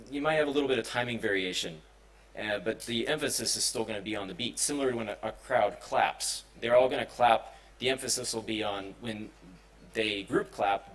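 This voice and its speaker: A man's voice: fairly low pitch, poor audio. Man giving a casual tech talk. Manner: casual, many fillers and restarts. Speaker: conference speaker. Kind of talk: technical presentation. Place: conference hall.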